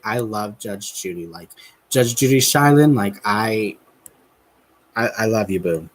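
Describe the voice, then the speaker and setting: Giggly male vlogger, rambling casual storytelling, mid-pitched voice. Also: low-quality recording. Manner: chatty and giggly, with many fillers and restarts. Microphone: camera mic while crafting.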